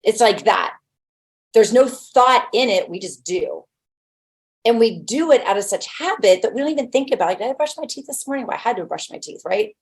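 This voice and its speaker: A woman with a fairly high voice gives a casual webinar talk as a real estate agent. She speaks in a blunt, conversational way and leans on homely everyday examples to make her point. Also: lively intonation, normal speed.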